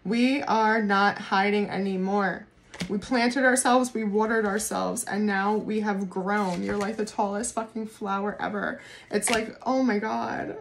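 A woman doing a casual tarot reading to camera, excitable, swearing freely and laughing often. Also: mid-range voice, normal speed, a little hiss or hum. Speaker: tarot reader.

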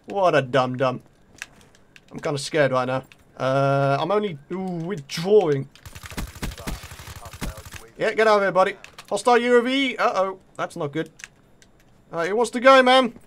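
A man with a British accent commentating live on his own gameplay, excitable and taunting his opponents. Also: high-pitched. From Britain. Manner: excitable, talks to opponents and viewers. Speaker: gaming video creator.

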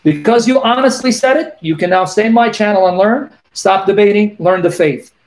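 Male call-in host, fairly high voice, insistent, drills each verse slowly. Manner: emphatic, repeats references, reads verses slowly. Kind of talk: call-in debate on scripture.

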